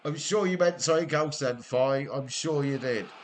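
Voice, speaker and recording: A middle-aged Welsh man chatting and joking with viewers during a live-streamed game, with a relaxed, teasing manner. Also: medium pitch, normal speed, slight background noise. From Wales. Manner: chatty, jokey banter with viewers, frequent laughs. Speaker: gaming streamer. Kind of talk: casual live-stream chat while gaming.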